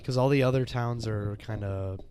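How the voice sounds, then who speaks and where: A man's voice: mid-range voice, normal speed, noisy background. A man co-hosting a casual podcast, telling rambling stories and laughing often. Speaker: podcast co-host. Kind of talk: casual chat.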